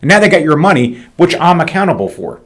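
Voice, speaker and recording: A business owner hosting a podcast, telling a heated story in a casual, animated way, swearing often. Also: male voice, fairly high pitch, fast.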